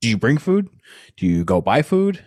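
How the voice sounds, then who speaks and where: A man's voice: medium pitch, normal speed, no room sound, clean studio sound. A man co-hosting a podcast, chatting casually, teasing and laughing a lot. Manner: lively, teasing, laughs often. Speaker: podcast co-host. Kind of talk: casual chat.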